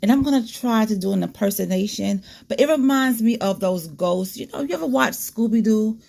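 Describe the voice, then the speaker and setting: Woman host, gravelly tone, frank casual commentary to her audience. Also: mid-range voice, fairly quick, a little mellow. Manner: candid, disgusted asides, talks straight to viewers.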